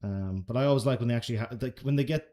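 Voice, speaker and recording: A man's voice: mid-range voice, racing, mellow. An Irish man answering chat questions on a casual live stream, laid-back and chatty, swearing now and then. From Ireland.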